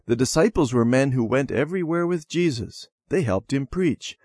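A man doing a gentle old grandmother. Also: medium pitch, expressive, moderate pace, no echo, studio quality, voice pushed up. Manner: gentle, soothing storytelling. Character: kind old grandmother telling a bedtime story.

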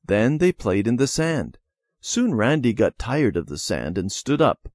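Man reading a children's lesson, lively pitch. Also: no echo, clean studio sound. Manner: measured storybook reading. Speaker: reader. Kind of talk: scripted narration of a children's lesson.

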